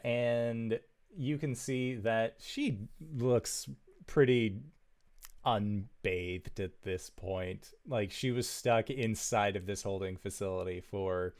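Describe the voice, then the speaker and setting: Slow, smooth-voiced male game master. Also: on the low side, darkish tone. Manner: descriptive, with many fillers. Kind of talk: narrating a tabletop game.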